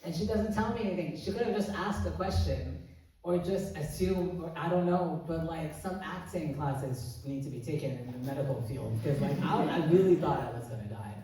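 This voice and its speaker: A man's voice: fairly high pitch, normal speed, warm tone, far from the mic. A man doing stand-up in a club, rambling through a story with lots of "like" and false starts. His voice sits a little back from the mic, and the room throws a heavy echo around it with a faint hiss underneath. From Iran. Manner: chatty, full of "like" and restarts. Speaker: stand-up comedian. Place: comedy club stage.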